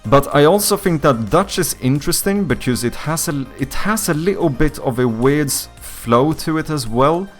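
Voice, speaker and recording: A man's voice: on the high side, expressive, normal speed, few pauses, faint music behind. A young man whose first language is Swedish, speaking English with a light Swedish accent, chatting casually with viewers on a live stream, rambling, searching for words and swearing now and then. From Sweden. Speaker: streamer and indie game developer.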